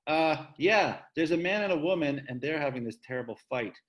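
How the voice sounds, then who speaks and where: Guy teacher on a video call, kinda high voice, upbeat, keeps nudging kids to read. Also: lively intonation, normal speed, fairly bright tone. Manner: upbeat, coaxing students to read. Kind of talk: online class teaching.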